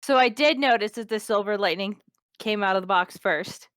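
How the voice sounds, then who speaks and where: A woman playing a tabletop game, unhurried and thoughtful, with some hesitations. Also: medium pitch, a bit bright, dry recording, clean studio sound. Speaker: player. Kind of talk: casual tabletop game play.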